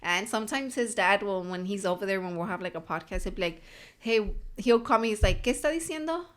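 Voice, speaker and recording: A woman's voice: mid-range voice, fairly quick, a bit bright. A woman in casual podcast chat, a mother telling stories and acting out what others said. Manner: storytelling, acting out quoted dialogue.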